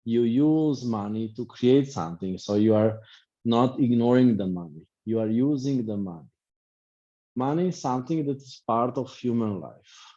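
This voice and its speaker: A middle-aged life coach talks through an online class, circling back and repeating his points in short, reflective phrases. His voice is mellow and relaxed, at an ordinary pitch for a man. The video call audio is dull and lo-fi. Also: moderate pace.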